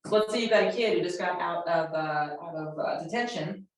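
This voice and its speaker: A woman's voice: lowish voice, fairly quick. A woman presenting an earnest workshop talk to educators, repeating phrases for emphasis. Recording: echoey room, voice from far off the mic.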